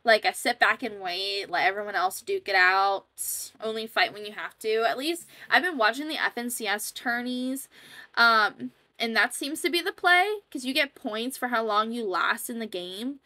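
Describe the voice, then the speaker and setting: A woman's voice: fairly high pitch, normal speed, bright, forceful tone, no room sound. Chatty young woman gamer rambling. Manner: rambling, chatty, self-deprecating, many fillers. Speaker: gaming YouTuber. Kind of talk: casual commentary over gameplay.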